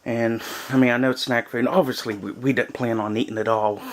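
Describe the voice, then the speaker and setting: A man rambles casually to a handheld camera inside a small woodland cabin, his talk loose and full of fillers. His voice sits at an ordinary middle pitch, with a faint hiss and the crinkle of snack bags behind him. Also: fairly even intonation, a little fast. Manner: rambling, chatty, many fillers. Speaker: vlogger on a cabin trip.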